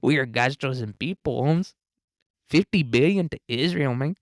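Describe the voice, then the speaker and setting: A man's voice: mid-range voice, animated, moderate pace, no room sound, clean studio sound, natural voice. A man voicing a swaggering street-tough woman politician in a mock Mexican accent, drawling and laughing through it.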